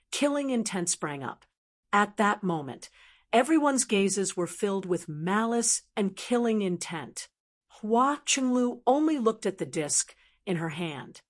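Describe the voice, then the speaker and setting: A woman reading fantasy audiobook narration in a steady, even manner. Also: mid-range voice.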